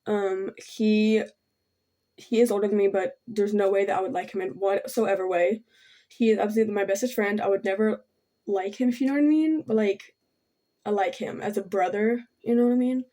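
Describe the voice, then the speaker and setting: A young woman telling a personal story while doing her makeup, halting and rambling with many fillers, soft and apologetic. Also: medium pitch, fairly even intonation. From Thailand. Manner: halting and rambling, full of ums and likes; soft and subdued, keeps apologizing. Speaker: vlogger.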